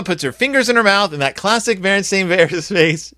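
A man giving a comic, sarcastic review of a children's picture book, acting out quoted lines in flat voices. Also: high voice, normal speed, hardly any pauses, no echo, studio quality.

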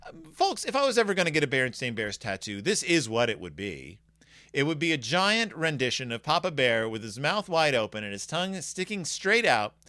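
A man's voice: mid-range voice, sing-song, a little fast, bright, forceful tone, no echo. A man giving a casual, rambling and jokey review of a children's book on his video channel.

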